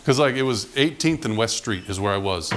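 Animated male pastor telling a story. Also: lowish voice, a little fast, a little hiss or hum. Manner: animated storyteller, acts out quotes. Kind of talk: sermon storytelling.

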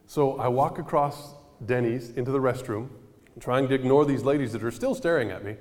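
A man's voice: mid-range voice, normal speed. Man preaching in a ringing hall. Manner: conversational, animated, addresses audience with questions. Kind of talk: storytelling sermon.

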